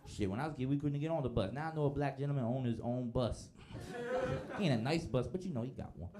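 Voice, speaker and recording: A man's voice: mid-range voice, fast talker, heavy background noise. A man performing a stand-up comedy set with a laid-back delivery. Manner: laid-back delivery, acts out quoted voices. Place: live comedy show with audience.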